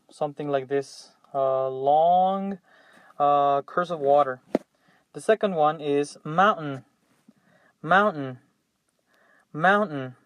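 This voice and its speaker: A man's voice: on the high side, no echo. A young man teaching English vocabulary, patiently repeating each word three times for students. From Mexico. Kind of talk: classroom vocabulary drill.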